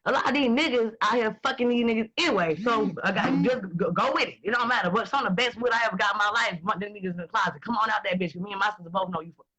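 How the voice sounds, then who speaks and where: A woman, talking in blunt, profane and animated casual chat as host. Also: medium pitch, rapid-fire, few pauses, breathy edge, lo-fi sound. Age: 20s.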